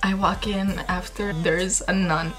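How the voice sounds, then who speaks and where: A woman in a vlog, recounting a personal loss in a halting, emotional way, full of fillers and restarts. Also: fairly low pitch, steady tone, fairly bright tone, faint music behind, low-quality recording. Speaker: vlogger. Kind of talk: personal storytelling.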